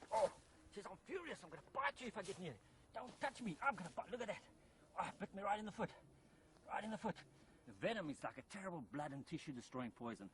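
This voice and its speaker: A man's voice: a little high, slight background noise, low-quality recording. A man presenting a wildlife programme outdoors in farmland, enthusiastically explaining while he handles a snake.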